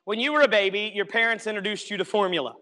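A male pastor with a high, bright, forceful voice preaches a sermon at a quick pace. He is emphatic and repetitive, often calling on the congregation to listen. The recording carries the long reverb of a church sanctuary hall.

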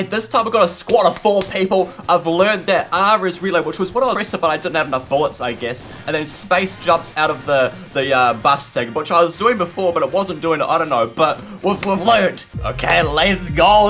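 A young man giving chatty, excitable commentary while playing a game, shouting in the fights. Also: on the high side, a little fast, hardly any pauses, soft background music. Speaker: gaming channel host. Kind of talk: casual gameplay commentary.

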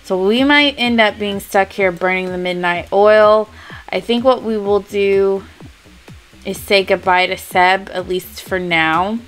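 Slow-talking chatty woman gamer. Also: mid-range voice, fairly even intonation, faint music behind, poor audio. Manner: chatty, giggly, unhurried. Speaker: let's-play host. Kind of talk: casual gameplay commentary.

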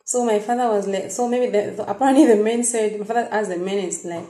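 A young woman with a Namibian accent, telling viewers a personal story in a halting, emotional way with many restarts. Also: on the high side, lively intonation, dark tone. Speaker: vlogger. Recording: echoey room.

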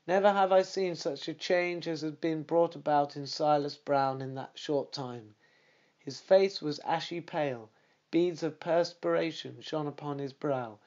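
A man narrating a classic detective audiobook in a steady, measured way. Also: a little high, dull audio.

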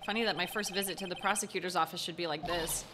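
A woman voicing a young male defense attorney in a calm, wry reading close to her own voice. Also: lowish voice, fast talker, noisy background, voice pushed down, natural voice.

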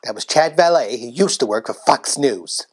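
A chirpy, clueless anchorwoman with an American accent, played by a sketch performer, asking bright questions with a lively, bouncing lilt. It is a sketch-comedy news desk. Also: mid-range voice, moderate pace, breathy edge.

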